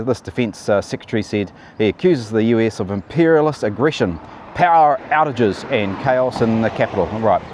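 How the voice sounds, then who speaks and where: A man's voice: mid-range voice, a little mellow, slight background noise. A man hosting casual political commentary in a sardonic, chatty way and calling his viewers "team".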